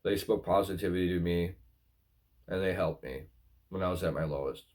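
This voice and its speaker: A man with a somewhat low voice gives relationship advice to his viewers. He talks casually and earnestly, circling back over his points and calling his audience guys. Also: a little fast, darkish tone.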